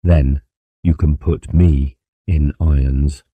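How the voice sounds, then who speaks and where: A man's voice: rumbling low, fairly even intonation, slow, no room sound, phone-quality sound, full character voice. A man playing a colonel, a protective husband who speaks savagely and threateningly in an audiobook.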